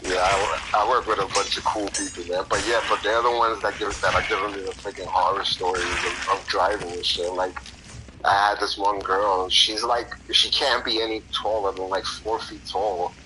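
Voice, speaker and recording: Lower-voiced man telling profane stories. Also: steady tone, normal speed. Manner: profane, laughing anecdotes with slang. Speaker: podcast host. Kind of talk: casual storytelling chat. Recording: noisy background.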